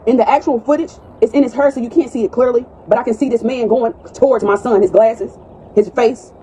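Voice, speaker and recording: Distraught mother, high fast voice. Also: steady tone, mellow, slight background noise, rough recording. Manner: distraught, repeats accusing questions, pleading. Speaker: mother confronting school staff. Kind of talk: heated confrontation filmed on phone.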